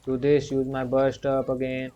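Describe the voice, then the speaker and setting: A man's voice: medium pitch, completely flat delivery, normal speed, dark tone. A young man commentating his own gameplay, repeating commands under his breath, grumbling when things go wrong and padding sentences with the filler "you can say.". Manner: muttered repetitive commands to himself; frustrated grumbling at the game. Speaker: gaming channel host. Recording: dull lo-fi recording.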